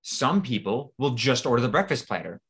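A man's voice: medium pitch, brisk, vocal fry. A man co-hosting a podcast in casual chat, arguing his point with plenty of swearing. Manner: animated, profane, argumentative. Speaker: podcast co-host.

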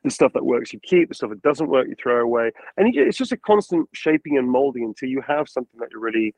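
A man's voice: mid-range voice, fast, no room sound. A man, a voice actor, chatting casually in an interview and dipping into character voices to make his points. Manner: animated, slips into character voices for examples. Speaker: voice actor guest. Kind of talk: casual video call interview. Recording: dull lo-fi dry sound.

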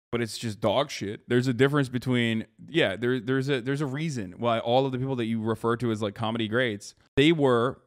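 This young streamer speaks on the high side with a fairly bright tone. Addressing his chat directly, he launches into a heated rant full of profanity and sarcasm.

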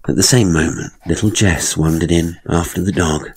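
A man narrating his own horror story in a measured, dryly ironic way. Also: deep voice, fairly even intonation, husky, poor audio. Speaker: author and narrator.

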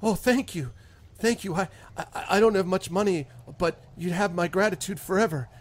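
A man voicing a humble, desperate farmer who stammers and repeats himself in rough country grammar. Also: mid-range voice, brisk, darkish tone, close to an everyday voice. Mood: hopeful.

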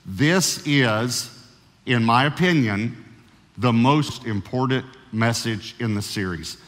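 A man preaching to a big church congregation, his mid-pitched voice carrying long reverb through the sanctuary. He drags out key words for emphasis and trips into quick restarts now and then. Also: fairly bright tone. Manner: slows down to stress key words, with false starts. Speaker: pastor. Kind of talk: sermon. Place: large church.

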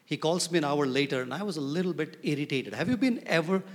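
A man preaching a sermon as pastor, animated and often asking his congregation questions. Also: on the high side, fast. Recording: reverberant hall.

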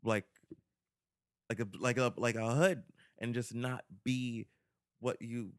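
A man from Ghana in a casual film discussion on a podcast panel, talking in an animated way. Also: mid-range voice, slow, dry recording, clean studio sound. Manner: animated, acts out quotes with laughs.

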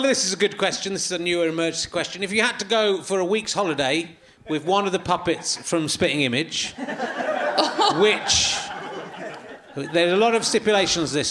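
A man's voice: high voice, lively intonation, normal speed, fairly bright tone. An English man hosting a comedy podcast, quizzing his guest in a playful, joking way and laughing often. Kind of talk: casual comic interview chat.

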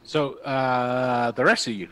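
A man's voice: medium pitch, fairly even intonation, takes it slowly, pushed and bright. A man narrating as game master in a rambling, laugh-prone way.

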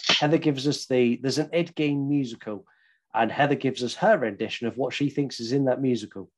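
A young man with an English accent holds forth on a podcast, his pitch sitting in an ordinary middle range. He tells stories in a loose, rambling way, full of jokes and casual swearing. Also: brisk, slight background noise. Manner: rambling, swearing, jokey storyteller. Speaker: podcast co-host. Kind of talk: casual chat.

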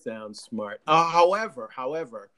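A man with a Jamaican accent, from Jamaica, hosting a live radio talk show; animated, laughing often and stammering through restarts. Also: mid-range voice, a little slow.

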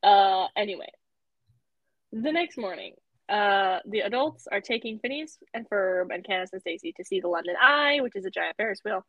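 A woman's voice: mid-range voice, lively intonation, moderate pace, no room sound, lo-fi sound. A woman co-hosting a podcast, recapping a cartoon episode in casual chat, often laughing and using many fillers. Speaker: podcast co-host.

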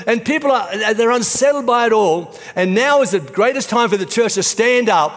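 A man's voice: high voice, animated, moderate pace, fairly bright tone. A middle-aged man preaching a sermon as pastor, in a conversational storytelling way. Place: church auditorium. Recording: reverberant church hall.

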